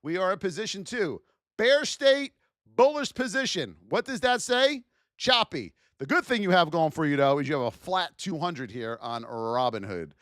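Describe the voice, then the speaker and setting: A man's voice: fairly high pitch, moderate pace, no room sound, clean studio sound. A middle-aged man hosting a live trading stream, giving chart commentary and calling out to viewers in the chat. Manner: animated, shouts out to chat viewers. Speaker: trading livestream host.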